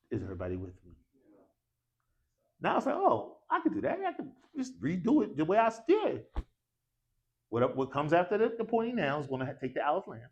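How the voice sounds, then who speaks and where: A man teaches a grammar class in a mosque classroom. His voice sits a little high and swings widely in pitch as he leads the drills. He often drops into slangy, joking asides. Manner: animated, calls for repetition, slangy asides. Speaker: Arabic teacher.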